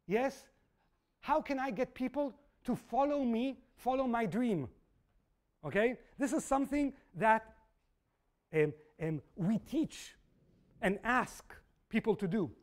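Middle-aged guy lecturing, high voice, acts out little scenes, keeps asking yes? okay?. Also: slow pace, pauses often. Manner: animated storytelling with quoted voices; asks audience "yes?" and "okay?". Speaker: guest lecturer. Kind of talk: open university lecture.

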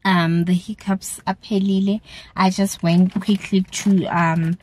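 A young South African woman speaks with a South African accent in a relaxed, chatty vlog. She takes her time, wanders between topics and mixes local words into her English. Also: medium pitch, slow. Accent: South African, mixing in isiZulu words. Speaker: vlogger. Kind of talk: casual vlog to camera.

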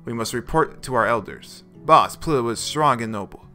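A man voicing a male ninja warrior who speaks slowly in stilted, formal phrases. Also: mid-range voice, bright, forceful tone, faint music behind. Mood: stern formal. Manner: slow, stilted, formal speech.

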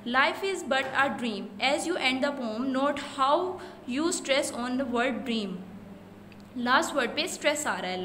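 High-voiced teacher, echoey room. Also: female voice, a bit bright. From Pakistan. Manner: slow, step-by-step explaining, repeats answers. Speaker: school English teacher. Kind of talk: recorded classroom lesson. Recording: echoey room with faint noise.

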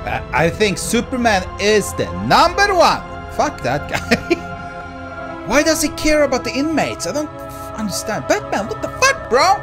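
A man giving let's play commentary, excitable and profane, yelling at the game. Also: extremely high pitch, moderate pace, hardly any pauses. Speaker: gamer. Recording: with game music behind. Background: game music.

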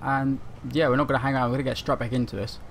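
Rambling young gamer, mid pitch. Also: male voice, flat delivery, rapid-fire, a little hiss or hum. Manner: chatty, rambling, with many fillers. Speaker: gaming commentator. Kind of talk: casual let's-play commentary. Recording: game music loud behind the voice.

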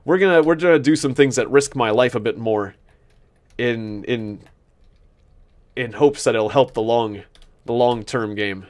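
A man's voice: mid-range voice, measured pace, pauses often. A man hosting a gaming video, rambling through casual commentary as he plays, joking at his own expense and often restarting his sentences. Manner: rambling, self-mocking, laughs at his own jokes; thinks aloud with many restarts. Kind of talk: casual let's-play commentary.

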